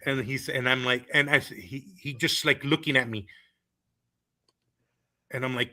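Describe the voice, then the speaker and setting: A man in his thirties guests on a sports podcast and recounts his playing days. His voice is bright and forceful, and his delivery is loose and animated. He leans on fillers and breaks into laughter. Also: mid-range voice, moderate pace, long pauses. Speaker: former college baseball player, guest. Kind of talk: casual storytelling on a podcast.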